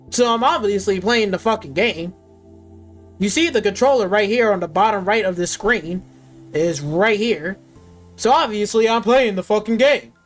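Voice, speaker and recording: A woman streamer ranting with angry, sarcastic, profane commentary at her gaming PC. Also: mid-range voice. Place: at a desktop gaming PC.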